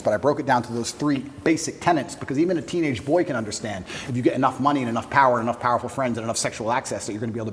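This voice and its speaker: A man in his thirties being interviewed, talking forcefully and firing off rhetorical questions. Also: medium pitch, slight background noise. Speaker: interview guest. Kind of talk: emphatic interview talk. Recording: room with long reverb.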